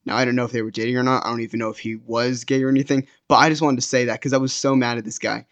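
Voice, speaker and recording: Young dude rambling thru a storytime, lots of likes and restarts, dull muffled audio. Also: male voice, mid-range voice, flat delivery, very fast. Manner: rambling, filler-heavy, many restarts. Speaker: storytime vlogger. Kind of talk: casual storytelling.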